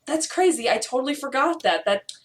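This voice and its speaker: A woman co-hosting a podcast, reacting in casual chat with excitable, laughing interjections. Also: high-pitched, brisk, slight background noise. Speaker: podcast co-host.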